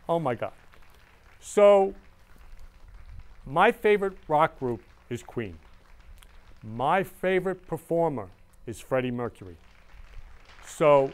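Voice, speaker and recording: A man's voice: medium pitch, lively intonation, slow, long pauses, a little mellow. A man hosting his own show, talking in an effusive, emotional way and repeating words of love. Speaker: show host. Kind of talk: casual livestream talk.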